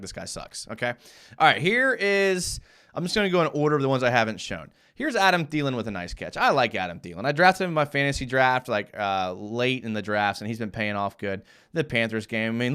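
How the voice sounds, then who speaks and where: Animated, fired-up young man hosting a fan show. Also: medium pitch, fast talker, clear, resonant tone. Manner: animated, fired-up ranting with many restarts. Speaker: live show host. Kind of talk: casual fan commentary over game film.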